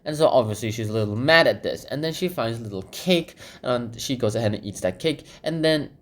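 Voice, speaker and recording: A man's voice: medium pitch, lively intonation, fairly quick, a bit bright. A man casually summarizing a children's book while sketching, rambling with lots of fillers and repeated phrases. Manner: rambling, filler-heavy, repeats "goes ahead".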